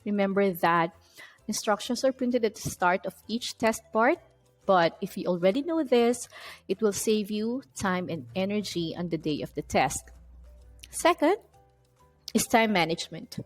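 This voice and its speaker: A woman's voice: mid-range voice, rough recording. Woman teaching a test-prep lesson. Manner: explanatory, stresses key terms. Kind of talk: recorded lecture.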